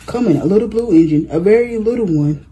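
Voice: mid-range voice, animated, quick pace, dark tone, slightly rough, poor audio. A hopeful little toy clown, as a storybook reader puts him on. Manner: eager, encouraging calls.

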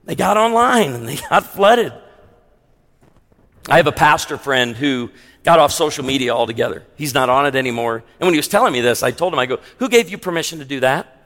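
A man preaching a sermon as a pastor, animated, moving between hushed emphasis and loud punchy lines. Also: mid-range voice, brisk. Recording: long reverb of a large hall.

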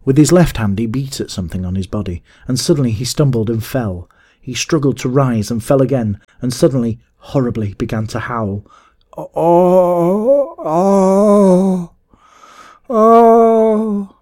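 A man narrating a classic adventure story in a measured, steady audiobook reading. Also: medium pitch, breathy edge.

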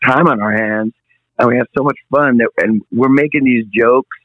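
A middle-aged man tells stories in a relaxed interview chat, jumping into little acted-out voices as he goes. The sound is dry and a bit dull, like a lo-fi recording. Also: medium pitch, moderate pace, no room sound. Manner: animated storyteller, acts out voices. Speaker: touring rock singer, guest.

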